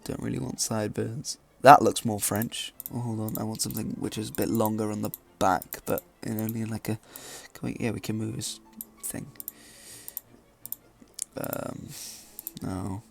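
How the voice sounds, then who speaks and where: A man's voice: fairly low pitch, flat delivery, moderate pace, gravelly. A man giving casual gameplay commentary, thinking aloud and hesitating with fillers as he goes. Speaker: let's play gamer.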